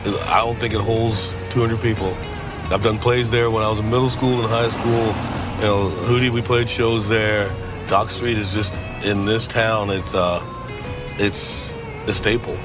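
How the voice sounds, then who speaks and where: Man, enthusiastic tour guide, lowish voice, clear music bed in a played clip. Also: level tone, measured pace. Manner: enthusiastic, casual. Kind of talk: travel segment narration.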